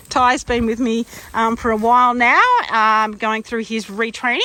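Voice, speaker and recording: A woman's voice: on the high side, flat delivery, normal speed, pushed and bright. Chatty woman with her horses. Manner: chatty and affectionate, cooing to the horses with many fillers. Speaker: horse trainer and vlogger. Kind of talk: casual walk-around vlog. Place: outdoors in a horse paddock.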